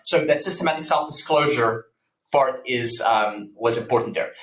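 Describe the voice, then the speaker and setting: A man talking as a psychology professor guest in a casual podcast interview, explaining earnestly with lively anecdotes and many ums. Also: mid-range voice. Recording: roomy echo.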